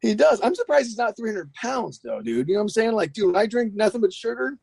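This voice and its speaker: A man, a guest skateboarder, telling a long story in a rambling, profane, animated way. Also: high-pitched, fast, creaky, breathy edge, dry recording. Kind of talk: casual storytelling.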